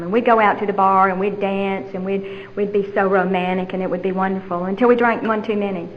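A woman's voice: medium pitch, fairly even intonation, a little fast, a little hiss or hum. Candid woman telling her story, lo-fi. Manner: candid, storytelling, repeats phrases for rhythm. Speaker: speaker sharing her recovery story. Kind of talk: personal testimony.

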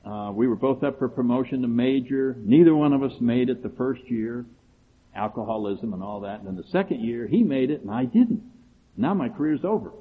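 A middle-aged man telling his own story to a recovery group, animated and quick to act out other people's replies. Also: medium pitch, slightly rough. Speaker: speaker sharing his story at a recovery meeting. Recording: tinny phone-like recording with faint background hiss.

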